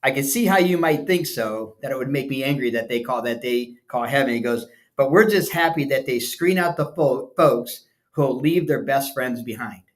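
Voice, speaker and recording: A man's voice: medium pitch, moderate pace. A man co-hosting a podcast, casual chat, rambling and repeating himself as he tells a story. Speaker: podcast co-host.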